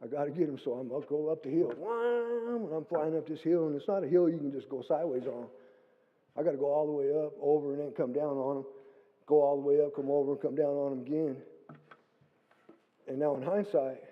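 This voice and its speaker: A man's voice: on the high side, fairly quick. Storytelling man in an echoing church. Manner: animated storytelling, acting out his own quotes. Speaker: guest speaker. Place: church hall. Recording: phone-like lo-fi sound with long hall reverb.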